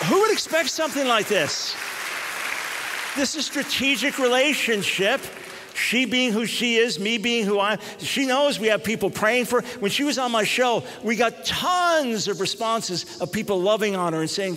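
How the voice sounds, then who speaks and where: High-voiced man speaking in a reverberant hall. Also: some chatter behind, slight background noise. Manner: animated, with quick restarts. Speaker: Christian radio host and speaker. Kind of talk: storytelling public talk.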